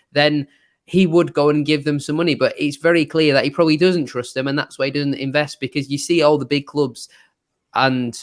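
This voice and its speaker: Fast-talking young man hosting a football chat. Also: mid-range voice. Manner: fast-talking, frustrated opinions. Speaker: host of a football fan channel. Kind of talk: casual fan discussion.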